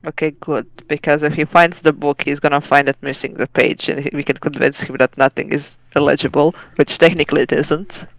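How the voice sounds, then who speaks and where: A woman playing a tabletop game, talking casually and joking around, quick to laugh. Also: low-pitched, steady tone, creaky, no room sound, low-quality recording. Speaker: player.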